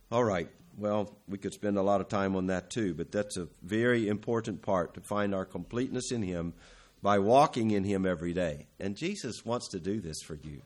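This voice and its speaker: A man preaching a sermon, building to emphatic, louder peaks and then dropping to low, quiet stretches, with self-corrections and occasional throat-clearing. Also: moderate pace. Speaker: pastor.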